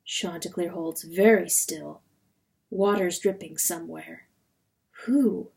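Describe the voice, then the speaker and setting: A woman narrating a novel as a dramatic reading, measured and expressive. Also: mid-range voice.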